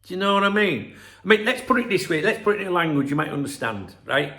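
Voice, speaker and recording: A man's voice: high voice, expressive, fast talker, bright, forceful tone. A middle-aged man, rambling through a profane, casual vlog monologue and telling stories with asides. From England, Scarborough. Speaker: football channel host.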